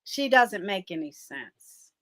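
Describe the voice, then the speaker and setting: A woman guest talking casually and bluntly, animated and profane. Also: mid-range voice, slow pace, no echo. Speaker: guest commentator. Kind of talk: casual chat.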